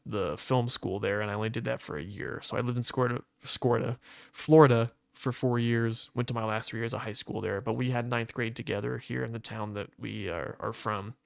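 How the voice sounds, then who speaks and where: With a mid-range voice touched by vocal fry, this young man co-hosts a podcast in clean studio sound without echo. His casual chat drifts through rambling stories full of fillers.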